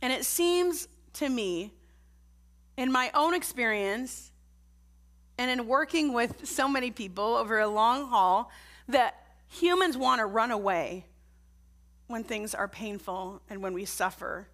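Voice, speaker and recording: A middle-aged woman with a somewhat high voice preaches a sermon at a church service. She talks in an earnest, conversational way and keeps putting direct questions to the congregation. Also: expressive, a little slow, fairly bright tone.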